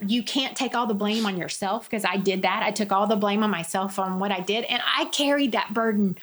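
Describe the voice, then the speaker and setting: A middle-aged woman telling her personal story in conversation. She speaks candidly and earnestly, and she quotes other people in lively voices. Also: medium pitch, fairly quick. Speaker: guest sharing her testimony.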